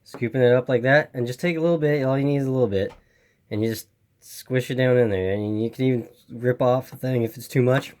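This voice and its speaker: A man's voice: medium pitch, brisk, darkish tone. A man casually walking through an RC car repair step by step, rambling and repeating himself with a voice that is giving out. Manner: rambling, repeats instructions, apologizes for camera. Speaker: RC hobby video host. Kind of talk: casual how-to walkthrough.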